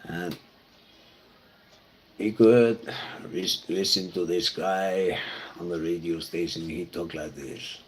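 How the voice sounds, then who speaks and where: A man from Iceland with an Icelandic accent, a pastor telling personal stories in a halting, reflective way. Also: sits low, steady tone, slight background noise. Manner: halting and reflective, with many fillers and restarts. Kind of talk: personal storytelling talk.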